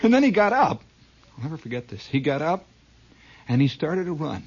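A male comedian tells a story with lively, swooping delivery and a husky edge. He builds drama and pads it with mouth sound effects. The audio is muffled and lo-fi. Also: on the high side, brisk. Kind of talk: comic storytelling monologue. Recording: dull lo-fi recording.

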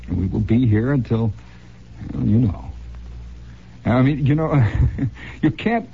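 A man's voice: medium pitch, animated, slow pace, gravelly, a little hiss or hum. A man hosting a radio show, telling wry, sardonic stories in a rambling monologue, heard on a dull lo-fi old radio broadcast. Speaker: radio host.

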